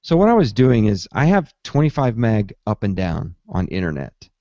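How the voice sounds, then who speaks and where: A man hosting a casual tech podcast who tells his story in a lively way and acts out his own reactions. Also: lowish voice, moderate pace, no echo. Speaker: podcast host. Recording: dull, slightly lo-fi dry sound.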